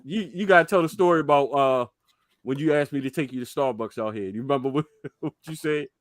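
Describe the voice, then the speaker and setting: A man's voice: medium pitch, a little fast, dry recording, studio quality. A man in casual podcast chat, teasing his friend and prompting him to tell stories, laughing along.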